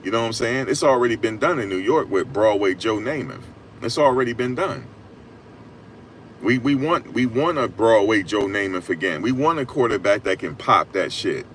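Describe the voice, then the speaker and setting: A man giving casual, emphatic sports talk on a live stream, repeating his points and rising to loud peaks. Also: fairly low pitch, animated, moderate pace, a little hiss or hum. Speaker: sports commentator.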